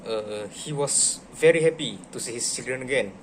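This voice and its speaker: A man's voice: medium pitch, normal speed, a little hiss or hum. A man acting as a student, politely answering questions in a hesitant way. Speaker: student in a classroom role-play.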